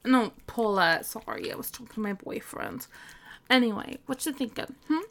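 A woman's voice: a little high, lively intonation, normal speed, a bit bright. A woman acting out a teasing, bossy young woman in a scripted audio role-play, giggling and scolding in mock disgust.

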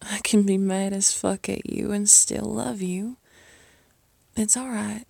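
A woman's voice: medium pitch, fairly even intonation, measured pace, gravelly, mellow, dry recording. A woman in an audio role-play, speaking as a caring mistress to the listener, by turns scolding and tender, often dropping to a whisper.

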